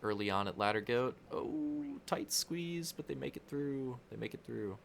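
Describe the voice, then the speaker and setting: A man's voice: mid-range voice, wildly swooping pitch, moderate pace, gravelly, a little hiss or hum. A young man giving casual, joking commentary on a video game race, rambling into crude asides.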